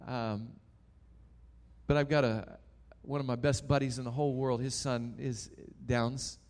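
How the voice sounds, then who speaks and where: In a sermon, a man tells a story dramatically, swinging between loud and hushed delivery. His voice has a medium pitch and level tone, and he speaks a little slowly.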